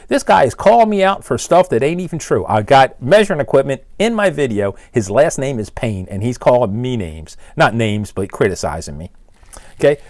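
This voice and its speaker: A man's voice: medium pitch, dry recording, studio quality. Baltimore guy in his 60s ranting at his critics, engine shop owner, bouncy up and down delivery. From Maryland, Baltimore area. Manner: blunt, exasperated, ranting. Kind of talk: one-take rant to camera.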